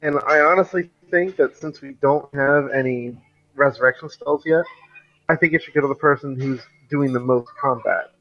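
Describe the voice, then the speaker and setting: A man's voice: medium pitch, moderate pace, dull audio. A man in a casual tabletop game session, earnestly laying out his reasoning to the group over an online call. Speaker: tabletop player. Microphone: home mic over online voice call.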